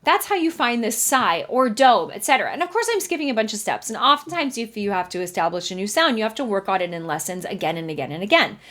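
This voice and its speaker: Animated woman voice teacher demonstrating singing. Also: medium pitch, fast talker, hardly any pauses. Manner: chatty, animated, breaks into sung vocal examples. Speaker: voice teacher and podcast host. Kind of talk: podcast singing lesson with sung demonstrations. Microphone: studio mic.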